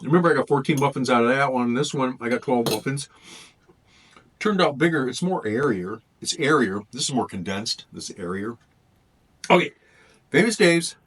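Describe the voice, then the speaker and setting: A man's voice: mid-range voice, expressive, moderate pace, a bit bright, husky. A man reviewing food in a casual vlog, thinking aloud and rambling as he tastes.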